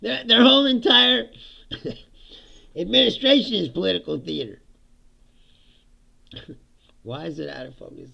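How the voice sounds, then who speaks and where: A middle-aged man hosts his own livestream, venting about the news in a sarcastic, profane way and breaking into laughter often. His voice is bright and forceful, sitting a little high, with a heavy gravelly rasp. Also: a little slow, long pauses, lo-fi sound. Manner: sarcastic, laughs often, swears, mimics others. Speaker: livestream host. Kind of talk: casual political commentary livestream.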